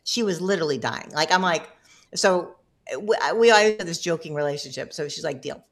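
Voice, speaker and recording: Middle-aged woman guest, low voice, warm-humored, chatty storyteller who laughs often. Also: a little fast. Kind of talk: casual storytelling.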